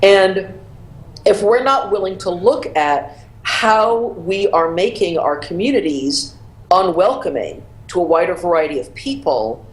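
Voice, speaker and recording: A woman's voice: lowish voice, expressive, unhurried, reverberant, poor audio. A woman author appearing as a guest on a panel discussion, arguing her points with passion and emphasis.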